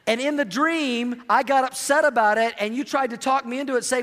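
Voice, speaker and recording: A middle-aged pastor delivers a humorous sermon in a church sanctuary, playfully telling stories and acting out quotes. His very high voice is expressive, pushed, and bright, a little fast with hardly any pauses, and a long hall reverb trails it.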